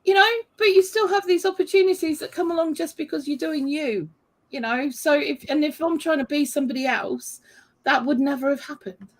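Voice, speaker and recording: A woman's voice: high voice, brisk. A woman, a YouTuber guest in a casual chat, making her points with emphatic rhetorical questions.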